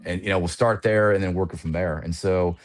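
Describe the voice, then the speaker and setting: A man in his forties with a lowish voice tells his war stories at a fast clip as a podcast guest. He is animated and peppers his talk with casual "you know" fillers. His delivery is relaxed and conversational. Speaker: podcast guest, retired Air Force pilot.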